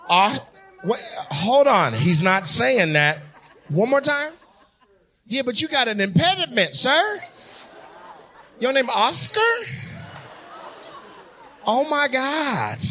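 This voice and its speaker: A male stand-up comedian doing loud, teasing crowd work, often laughing as he talks. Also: high-pitched.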